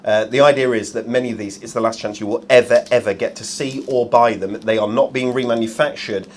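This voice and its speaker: A man's voice: medium pitch, fairly even intonation, fairly quick, slight background noise. A man hosting a live shopping show, chatty and jokey with plenty of ums.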